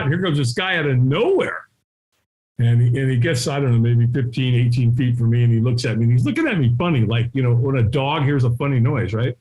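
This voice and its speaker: Medium in pitch and captured on a rough recording, this middle-aged podcast guest spins a story with lively, punchy delivery. He keeps tagging lines with "right?" and jumps between voices to impersonate the people involved, all in a conversational interview.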